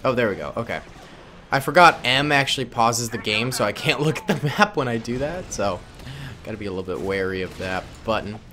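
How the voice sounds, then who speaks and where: Talking fairly quickly over his own gameplay, this gaming YouTuber keeps things playful and jokey, addressing his viewers as "boys." He has a medium-pitched, expressive voice that sounds pushed and bright, with a little hiss or hum in the recording.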